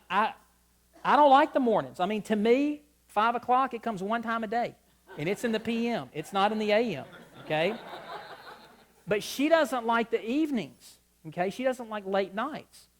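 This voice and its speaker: Man, middle-aged, speaker at a church marriage conference, a lively storyteller who plays every part in his anecdotes. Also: high-pitched. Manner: lively storyteller, acts out both sides of dialogues. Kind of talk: humorous church conference talk. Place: church sanctuary before a live audience.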